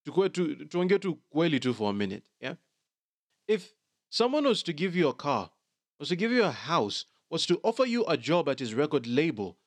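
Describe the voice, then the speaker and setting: A chatty man runs a celebrity gossip vlog, mixing slang into his English. His voice sits a little high. The sound is dry and close, with no room around it. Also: no echo. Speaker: gossip commentator. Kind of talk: casual commentary vlog.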